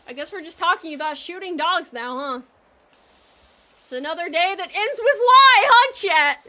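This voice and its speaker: A woman's voice: high voice, sharp tone, a little hiss or hum. A young woman streamer chatting casually with her viewers while she plays, rambling and joking and laughing often.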